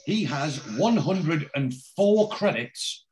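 A man's voice: a little high, lively intonation, slow pace, a little mellow, slight background noise. A man co-hosting a casual chat, retelling scenes and quoting characters with lots of fillers and restarts. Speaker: podcast co-host recapping a TV episode.

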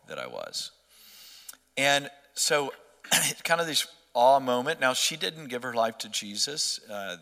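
A man's voice: lowish voice, bright, forceful tone, long reverb tail. A middle-aged man earnestly telling a personal faith story in conversation, often restarting his sentences. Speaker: interview guest.

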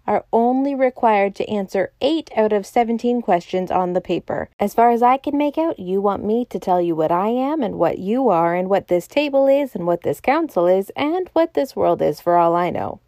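A woman reading a smooth, teasing giant of a man. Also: mid-range voice, lively intonation, moderate pace, hardly any pauses, mellow, no echo, studio quality, close to an everyday voice. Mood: playful. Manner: smooth, playful, mocking. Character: huge, genial, riddling old male president.

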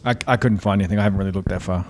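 A man's voice: sits low, fairly even intonation, very fast, background noise. Man with dry quips in casual chat. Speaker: podcast co-host.

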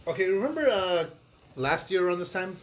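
A man on a casual podcast, telling a story with lively acted-out quotes and frequent laughter. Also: sits high, fairly quick. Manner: animated storyteller, acts out quotes, laughs often. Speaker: podcast co-host.

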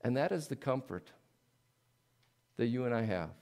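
A man's voice: medium pitch, big pitch swings, moderate pace, long pauses. Male pastor, sermon delivery, earnest, builds to pleading emphasis, eases back down. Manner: earnest, rising to emphatic pleading, then dropping soft.

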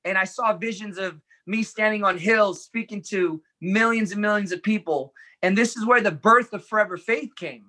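A man's voice: high-pitched, normal speed, few pauses, sharp tone. A man telling his life story as an interview guest, earnestly and animatedly, acting out the dialogue as he recounts it. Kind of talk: personal storytelling in conversation.

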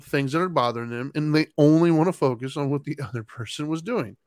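Middle-aged man, casual storytelling, animated, dry close sound. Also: on the high side, fast, no echo. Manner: animated, laughs while telling, acts out his kids' lines. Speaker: podcast co-host.

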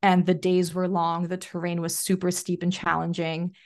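A young adult woman speaks as a podcast guest, her voice sitting a little low for a woman. She tells a personal story in a loose, animated way, with plenty of "like" fillers. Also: normal speed. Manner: chatty, frequent "like" fillers, animated retelling. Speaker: podcast guest, self-leadership coach. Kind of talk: casual interview storytelling.

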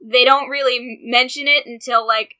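A woman's voice: fairly high pitch, steady tone, normal speed, bright, forceful tone, rough recording. A woman hosting a casual podcast chat, playful and teasing, laughing often. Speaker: podcast host.

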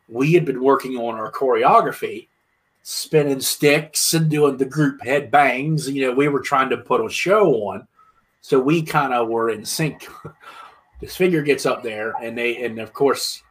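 A man's voice: medium pitch, moderate pace. Rambling man telling band road stories. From Pennsylvania. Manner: rambling, animated, many fillers and restarts. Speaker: musician guest. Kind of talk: casual storytelling.

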